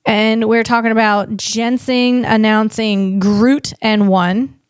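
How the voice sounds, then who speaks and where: A woman's voice: on the high side, fairly even intonation, slow, clean tone, no room sound, clean studio sound. A woman hosting a solo podcast in a casual, rambling way, often correcting herself and laughing at herself. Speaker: podcast host.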